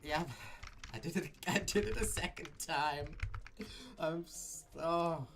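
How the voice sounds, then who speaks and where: A man streaming live gameplay, talking himself through it in an excitable, nervous way. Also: on the high side, slow, vocal fry, noisy background. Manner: excitable, nervous self-talk. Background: game music.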